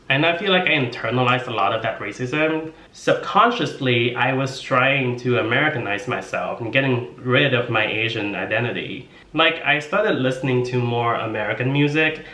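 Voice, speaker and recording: A man's voice: mid-range voice, normal speed, bright, forceful tone. A man in his twenties from Vietnam, talking casually and playfully to the camera as a vlogger, full of filler words. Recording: roomy echo.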